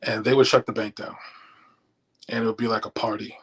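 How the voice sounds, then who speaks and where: A man's voice: fairly low pitch, fairly quick, breathy edge, rough recording. A middle-aged man, a former stockbroker, telling stories as an interview guest and acting out what people said. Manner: animated storyteller acting out quotes. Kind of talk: casual storytelling.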